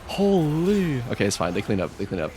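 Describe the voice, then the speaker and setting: A man streaming live and reacting to his game in quick, exclamatory bursts, often scolding himself. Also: medium pitch, huge pitch swings, mellow. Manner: reactive, exclamatory, self-critical. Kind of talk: live gameplay commentary.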